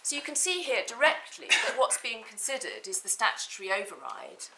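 A woman's voice: a little high, animated, fairly quick, very noisy. A woman barrister making methodical legal submissions in an appeal courtroom, reading from documents with some restarts.

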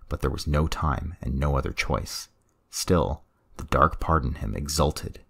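A man reading a story aloud as the narrator, in a measured, even delivery. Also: extremely low pitch, vocal fry, husky.

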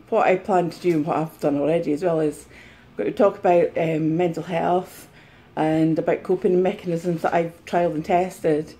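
A woman chatting casually to camera as a vlogger, soft-spoken and giggly, recorded on a mobile phone. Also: lowish voice.

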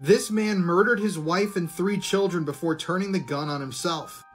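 Man, true crime narration, blunt, slightly high voice, soft music behind. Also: normal speed. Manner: blunt, opinionated storytelling.

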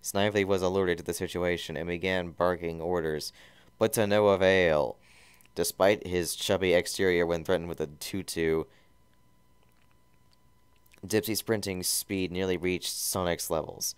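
A man's voice: low-pitched, steady tone, measured pace, clean tone, no room sound. A man giving a mock-serious comedic reading of a fan fiction, often stumbling and correcting himself.

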